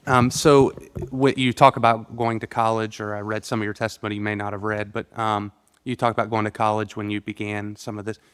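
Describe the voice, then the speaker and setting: Low, flat-voiced male lawmaker in a hall. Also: clean tone. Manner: halting, with many fillers and restarts. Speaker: state legislator asking questions. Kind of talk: committee hearing questions. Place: legislative hearing room. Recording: long reverb of a hearing room.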